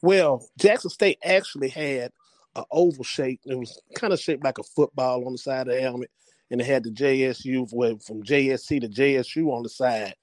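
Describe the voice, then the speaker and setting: A man speaking in an interview with admiration, repeating phrases as he goes. His voice sits at a middle pitch and sounds dry and close. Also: normal speed, no room sound. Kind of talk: reflective interview recollection.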